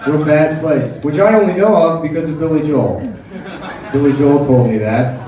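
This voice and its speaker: A man doing a sardonic stand-up set on a club stage, tossing in quick mock voices. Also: a little high, lo-fi sound, noisy background. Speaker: stand-up comedian. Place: comedy club stage with audience laughing. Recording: echoey live room, heard from a distance, crowd laughter. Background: audience laughter.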